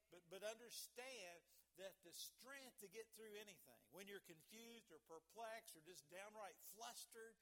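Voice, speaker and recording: Bright, high-voiced preacher man. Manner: conversational, repeats phrases, checks in with "okay?". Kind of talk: informal evening sermon. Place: church service.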